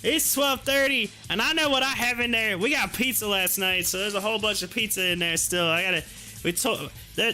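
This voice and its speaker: High, bright-voiced chatty man host. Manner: chatty, laughs often, frequent restarts. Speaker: live stream host. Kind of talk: casual chat, storytelling. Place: home.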